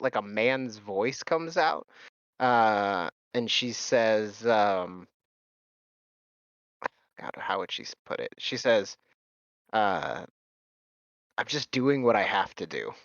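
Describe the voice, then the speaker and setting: Halting man running a tabletop game. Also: mid-range voice, lively intonation, a bit bright, dry recording, dull audio. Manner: halting, full of fillers. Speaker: game master.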